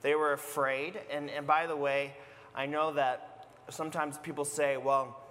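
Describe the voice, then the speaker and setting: A man preaching a sermon as pastor, retelling a story in a conversational, animated way. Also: a little high, unhurried, big-room sound.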